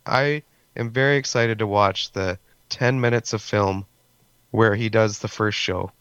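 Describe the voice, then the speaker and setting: A man's voice: lowish voice, steady tone, a little slow, a bit bright, clear, resonant tone, no room sound. A man co-hosting a podcast, blunt and opinionated in casual chat. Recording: dull lo-fi sound.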